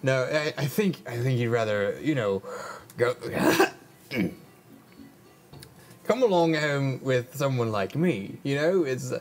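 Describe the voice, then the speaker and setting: A man's voice: mid-range voice, big pitch swings, slow pace, long pauses. A man voicing a pushy, drunk Cockney man with a tankard, swaggering and leering, over background music.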